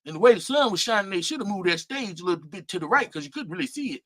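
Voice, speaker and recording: A middle-aged man co-hosting a casual talk show, animated and profane, laughing often and mimicking people. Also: high voice, very fast. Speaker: co-host.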